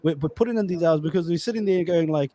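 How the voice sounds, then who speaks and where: Casual podcast co-host, Australian man in his thirties, high-pitched, slangy and profane. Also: fast talker, dark tone, a little hiss or hum. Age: 30s. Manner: loose, swearing, repeats words, slangy. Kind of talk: casual chat.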